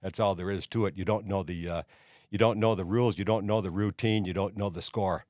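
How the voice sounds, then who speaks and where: This older male host has a low, darkish voice with a steady tone and a slightly quick delivery, captured at studio quality without room sound. He spins a long, rambling anecdote in casual chat, repeatedly dropping "you see."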